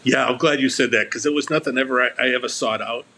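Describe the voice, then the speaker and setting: A man's voice: mid-range voice, steady tone, quick pace, creaky, sharp tone, low-quality recording. A man speaking as a guest on a recovery podcast, earnest and candid, often restarting and repeating his words.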